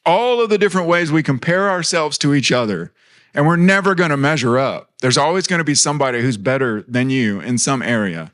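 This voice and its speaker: A man's voice: on the high side, very animated, brisk, fairly bright tone. A man in his thirties preaching a sermon in a church, earnest and conversational, mixing personal stories with light humor.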